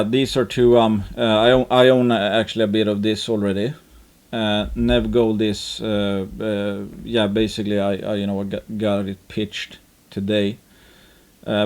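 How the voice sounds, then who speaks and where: Casual market talk about stocks comes from a man who hosts an investing channel, and it rambles along with many fillers and restarts. He speaks in a medium pitch with a slightly mellow quality.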